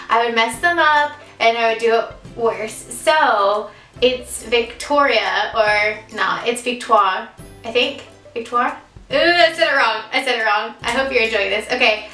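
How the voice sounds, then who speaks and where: Young woman in her twenties, bright and a bit high, chatty vlog storyteller who laughs at herself; echoey room, sitting back from the mic, soft music underneath. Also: distant mic. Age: 20s. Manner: chatty, giggly, self-deprecating, lots of fillers. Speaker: vlogger.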